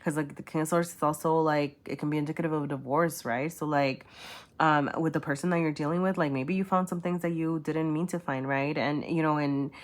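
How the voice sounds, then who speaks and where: A woman's voice: low-pitched, steady tone, fairly quick. A woman doing a casual tarot reading, rambling with many fillers and often checking in with "right?" and "okay?". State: choked up at times. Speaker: tarot reader.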